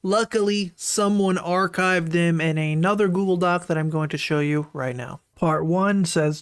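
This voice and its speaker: A man's voice: sits high, moderate pace, few pauses, clear, resonant tone. A man hosting a casual online commentary, talking through screenshots in a chatty way and often checking in with "right?", with disgusted, incredulous asides. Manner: chatty, keeps asking "right?".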